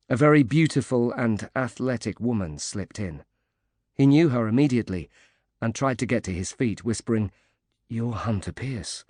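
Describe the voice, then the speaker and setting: A man narrating an audiobook in a calm, measured reading. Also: on the low side, no echo, clean studio sound.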